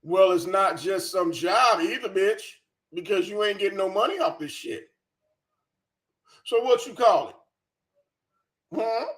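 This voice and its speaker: A man's voice: high voice, animated, a little slow, pauses often, a bit bright. A man hosting a reaction commentary, profane, scornful and sarcastic. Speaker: commentary channel host.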